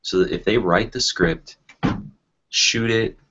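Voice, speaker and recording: A man with a very low, husky voice talks things through slowly, full of fillers and small restarts. The sound is dull and lo-fi, like an online call. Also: sharp tone. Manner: thoughtful, many fillers and restarts. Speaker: educator in a panel discussion. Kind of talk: casual discussion.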